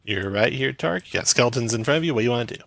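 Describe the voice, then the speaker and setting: A man running a tabletop game as game master, quick and chatty, laughing often. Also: medium pitch, lively intonation, vocal fry, a bit bright, a little hiss or hum.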